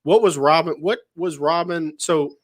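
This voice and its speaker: A man's voice: fairly high pitch, measured pace. A man co-hosting a podcast in casual chat, telling rambling stories with frequent chuckles. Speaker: podcast co-host.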